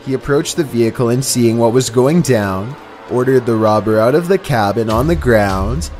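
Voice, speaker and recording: A man reading a scripted narration for a countdown video in an even, measured way. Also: mid-range voice, faint music behind.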